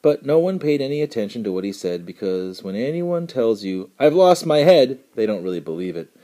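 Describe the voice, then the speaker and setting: A man narrating a children's story with expressive, storytelling delivery. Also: on the low side, fairly quick. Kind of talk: storybook reading.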